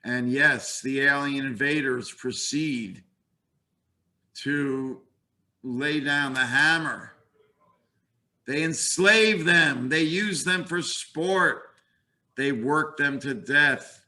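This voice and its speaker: In a webinar lecture on comics, a man in his sixties speaks in a relaxed, conversational way and drops in wry asides. His voice is mid-range and his pace is slow.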